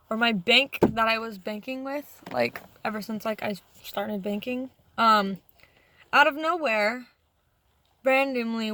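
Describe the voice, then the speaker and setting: A woman's voice: a little high, dry recording. Profane young woman telling a story. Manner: profane, rambling, animated retelling. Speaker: vlogger. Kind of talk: casual storytelling to camera.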